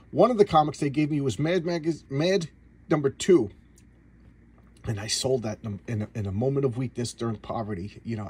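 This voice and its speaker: A man's voice: medium pitch, a little mellow, slightly rough. A man from the United States, about fifty, chatting casually about old comic books, rambling and repeating words as he retells the story. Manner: rambling, repeats words, acts out characters in paraphrase. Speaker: comic book collector reviewing back issues. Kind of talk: casual video review chat.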